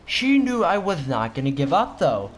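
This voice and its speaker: A man's voice: a little high, sing-song, moderate pace. A teenage boy telling a story from school in a casual vlog, rambling and joking, often stopping to correct himself. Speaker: student vlogger.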